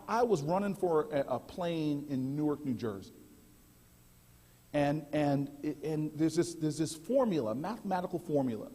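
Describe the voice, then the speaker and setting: A man giving a keynote at a banquet, telling a humorous story with animated delivery and frequent restarts. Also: a little high, breathy edge. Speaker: keynote speaker. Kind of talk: storytelling speech. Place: large banquet hall. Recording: echoey hall, heavy reverb.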